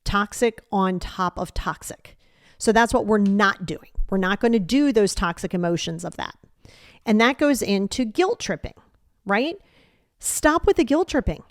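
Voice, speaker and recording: A woman's voice: medium pitch, animated, a little slow, no echo, clean studio sound. Emphatic middle-aged woman podcast host. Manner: direct, emphatic, lecturing listeners. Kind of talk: self-help podcast monologue.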